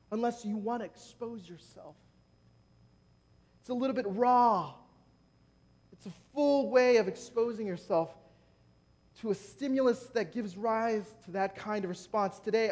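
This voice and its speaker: A man preaching a sermon in a conversational way, making joking asides to the congregation at a church gathering. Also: high voice. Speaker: preacher leading prayer.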